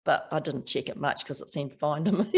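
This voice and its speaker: A woman's voice: low voice, expressive, normal speed, breathy edge. An older woman with a strong New Zealand accent, chatting as an author guest in an interview with frequent laughs and restarts. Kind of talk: casual interview chat.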